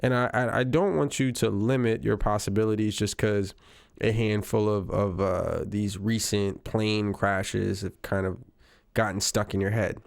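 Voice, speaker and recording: Wry, smooth-voiced man reacting casually. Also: fairly low pitch, dry recording, studio quality. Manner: wry, incredulous, repeats himself for effect. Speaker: commentator reacting to news clips.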